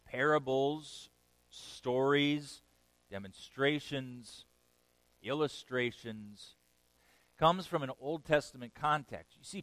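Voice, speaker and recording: A male pastor preaching a sermon, moving between loud emphatic bursts and quiet, low passages and often checking in with "okay?". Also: no room sound, poor audio.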